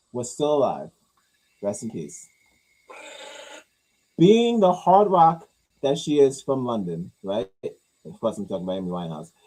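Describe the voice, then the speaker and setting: New man, profane rambling vlog commentary, lively pitch, warm and dark tone. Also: breathy edge, low-quality recording. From New York. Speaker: commentary vlogger. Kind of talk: casual reaction commentary.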